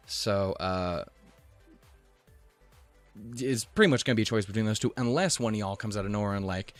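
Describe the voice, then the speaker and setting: Young man, anime reaction host, low voice, rambling and profane, slightly out of breath, faint music behind. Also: lively intonation, a little fast, long pauses, fairly bright tone. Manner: rambling, swears often, laughs at himself. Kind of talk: casual chat.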